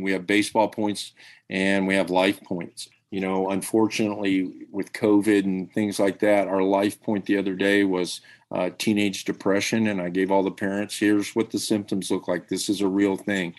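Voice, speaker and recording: Earnest coach, low voice. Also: male voice. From Tennessee. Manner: earnest storytelling, emphatic. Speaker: high school baseball coach. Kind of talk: podcast interview.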